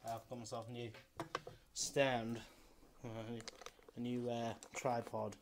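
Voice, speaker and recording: A man's voice: medium pitch, little pitch movement, takes it slowly, long pauses, noisy background. A man with a Scottish accent talking casually in a diary vlog, rambling with lots of fillers and swearing, mocking himself. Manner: self-mocking with chuckles. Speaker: vlogger.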